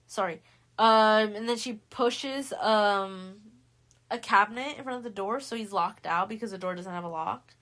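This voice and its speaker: Young woman, casual podcast host; slangy, profane, animated storyteller who acts out lines. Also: mid-range voice. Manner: animated, acts out characters' lines in quick voices; swears freely, heavy slang. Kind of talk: casual book recap.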